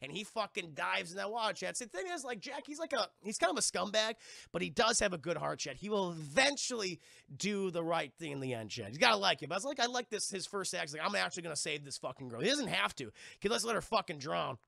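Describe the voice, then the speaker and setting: A man's voice: sits high, fast, vocal fry, no room sound, studio quality. A man streamer giving a rambling, profane recap of a movie to his chat. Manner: crude, excitable, heavily profane.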